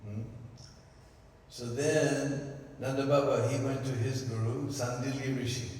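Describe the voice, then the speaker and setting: A man giving a devotional storytelling talk at a temple, often checking in with listeners with a quick "hmm?". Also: medium pitch, little pitch movement, a little mellow, a little hiss or hum. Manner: keeps asking the audience "hmm?" and "huh?". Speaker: temple class speaker. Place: temple hall. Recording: echoey hall with the mic far off.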